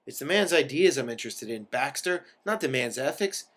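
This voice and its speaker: A man's voice: mid-range voice, animated, fairly quick, fairly bright tone. A man reading a fussy, bookish complainer. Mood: earnest. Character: complaining bookish man lecturing a hungry friend. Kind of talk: read-aloud story dialogue.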